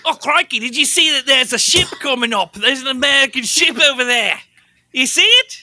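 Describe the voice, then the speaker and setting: A man voicing an excitable male officer with a put-on Australian accent, squeaky and exclaiming. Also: a little fast, no echo, clean studio sound, heavily acted. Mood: excited.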